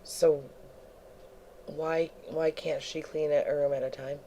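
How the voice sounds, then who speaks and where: A man reacting to the clips in an unimpressed, drawn-out way. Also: on the high side, flat delivery, dark tone, a little hiss or hum, rough recording. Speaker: reaction commentator. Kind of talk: reaction commentary.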